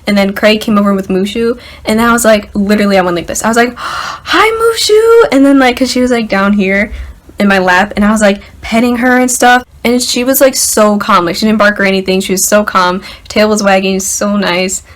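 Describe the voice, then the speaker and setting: A young woman vlogger telling a story to the camera in an excited, chatty way, packed with "like" and "literally". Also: medium pitch, fairly quick. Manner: excited, filler-heavy, lots of "like" and "literally".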